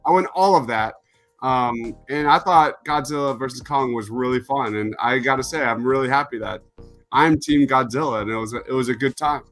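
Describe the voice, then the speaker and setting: A man co-hosting a casual chat, animated and enthusiastic, riffing freely. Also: medium pitch, a little fast, faint music behind. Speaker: co-host.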